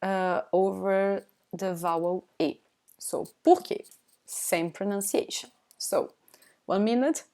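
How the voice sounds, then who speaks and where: A woman's voice: medium pitch, slow pace, darkish tone. A young woman from Brazil with a Brazilian Portuguese accent, teaching a live online language class in English, often checking in with "okay?" and repeating each example twice.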